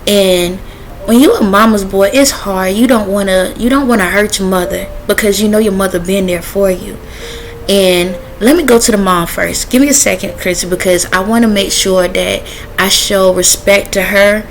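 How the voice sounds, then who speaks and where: A woman's voice: medium pitch, moderate pace, slight background noise, low-quality recording. A woman talking casually in a vlog, relaying messages she says come from spirits and stopping to ask them yes-or-no questions. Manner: chatty with frequent fillers and laughter. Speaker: spiritual messenger vlogger.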